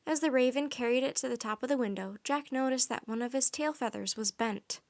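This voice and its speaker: A woman reading a children's story aloud in soft, even narration. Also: sits high, brisk.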